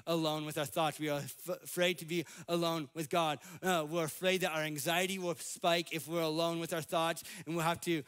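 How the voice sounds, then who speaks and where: An American man preaching a sermon in church, animated, acting out the voices he quotes. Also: on the high side, moderate pace, hardly any pauses, clean tone. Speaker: pastor. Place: church sanctuary.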